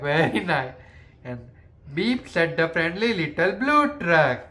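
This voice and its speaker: A woman reads a children's picture book aloud in a slightly low voice. She goes slowly and patiently, stopping to explain the story and ask simple questions. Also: big pitch swings, a bit bright.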